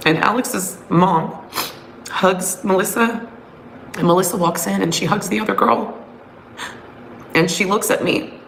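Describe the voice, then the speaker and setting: A woman's voice: medium pitch, measured pace, vocal fry, pauses often, a bit bright, a little hiss or hum, low-quality recording. A middle-aged woman recounting a painful memory from her past in a raw, emotional way. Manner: emotional, raw confessional retelling. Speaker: storyteller. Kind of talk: personal storytelling. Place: her bedroom at home.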